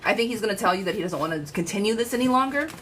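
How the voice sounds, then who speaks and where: A woman giving a live-streamed tarot reading in a chatty, frank, lively way, talking straight to her viewers. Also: medium pitch, racing, noisy background. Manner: chatty, animated, frank, calls viewers girlfriend. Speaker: tarot reader.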